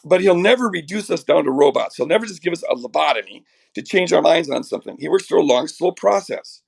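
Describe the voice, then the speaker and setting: A middle-aged man with a raspy voice from a chest cold, earnestly explaining theology as a podcast guest, restarting his sentences often. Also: on the high side, lively intonation, fast, darkish tone. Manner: earnest, builds ideas with many restarts.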